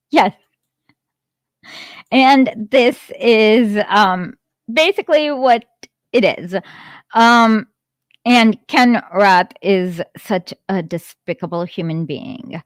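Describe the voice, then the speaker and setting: Woman streamer, unhurried and giggly, hesitant delivery, dry close sound. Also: fairly high pitch, lively intonation, no echo. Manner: giggly, hesitant, lots of fillers. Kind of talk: impromptu livestream commentary. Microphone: phone streaming app.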